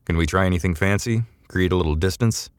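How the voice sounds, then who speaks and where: A man voicing a tough, weary male starship captain who talks in a gruff, exasperated way. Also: sits low, fast talker, no room sound, clean studio sound, lightly acted. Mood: urgent.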